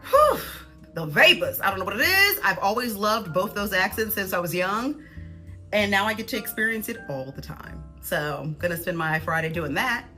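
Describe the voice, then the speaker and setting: A woman from the United States giving casual, animated and sarcastic commentary. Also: mid-range voice, normal speed, soft background music. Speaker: social media commentator.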